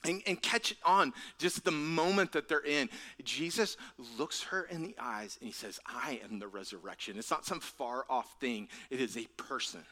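Bright-voiced man preaching earnestly. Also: on the high side, lively intonation, moderate pace. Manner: drops to a near whisper for emphasis; repeats words and restarts phrases. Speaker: pastor. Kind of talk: sermon.

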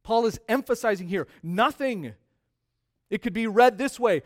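A man preaching a sermon as pastor, stressing key words by repeating them and swinging between quiet drops and loud rises. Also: high voice, expressive, moderate pace.

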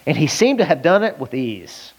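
A man from the American South preaching a lively, conversational sermon and often asking his listeners questions. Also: a little high, normal speed, breathy edge, low-quality recording.

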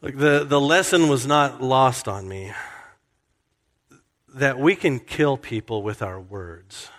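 A man's voice: mid-range voice, slow pace, fairly bright tone. A male pastor preaching a sermon, telling a story in a conversational way that often restarts mid-sentence. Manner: conversational, self-correcting storyteller. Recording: long hall reverb.

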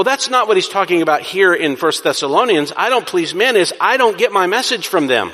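A man's voice: high-pitched, sharp tone. A man preaching a sermon as pastor, emphatic, asking questions and answering them himself. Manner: emphatic, asks and answers his own questions. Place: church sanctuary. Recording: reverberant hall.

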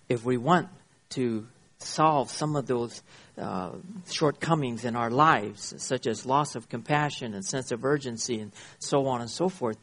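A man pastor preaching a sermon, emphatic, often checking in with his listeners and reading scripture slowly. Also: medium pitch, fairly bright tone, husky. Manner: emphatic, checks in with "You see?" and "Okay?"; reads scripture slowly and deliberately.

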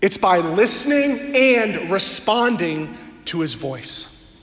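A man preaching a sermon to a congregation in a church, earnest and drawing out key words slowly for emphasis. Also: high voice, big pitch swings, a bit bright. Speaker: pastor. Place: church sanctuary before a congregation. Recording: echoey hall with long reverb.

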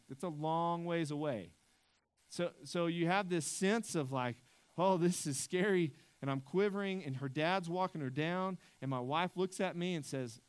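A man's voice: mid-range voice, rough recording. Man, preaching a sermon. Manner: conversational preaching with frequent restarts and stammered repeats. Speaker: pastor.

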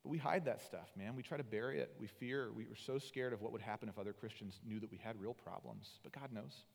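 A man preaching as a pastor, earnest, moving between loud emphatic lines and soft, intimate passages. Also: fairly low pitch, fairly quick, gravelly. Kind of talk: sermon. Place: church sanctuary. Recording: long hall reverb.

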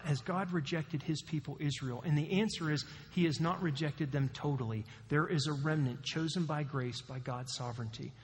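A male pastor preaching a sermon, animated, with emphatic questions to the congregation. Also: a little high. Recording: long hall reverb.

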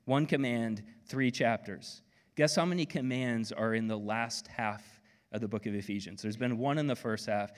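A man with an Oklahoma accent preaching a sermon as pastor, conversational and animated, with playful asides. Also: mid-range voice, normal speed. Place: church auditorium. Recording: long hall reverb.

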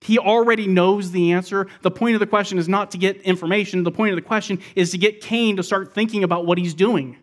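A man preaching a sermon, working through a scripture passage verse by verse and often dropping his voice low and quiet to close a point. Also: fairly even intonation, fast, few pauses. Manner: expository, explains scripture verse by verse. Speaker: pastor.

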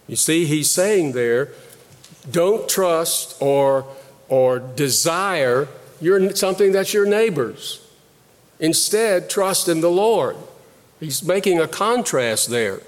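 Man, pastor, slow deliberate sermon, fairly high voice, long hall echo. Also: lively intonation. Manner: slow, deliberate preaching with pauses and repeated phrases.

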